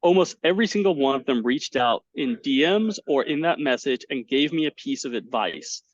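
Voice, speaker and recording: A man, a poker commentator, telling stories in a casual interview over a video call, animated and full of fillers and restarts. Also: medium pitch, moderate pace. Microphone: webcam setup at home. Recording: dull, dry lo-fi call audio.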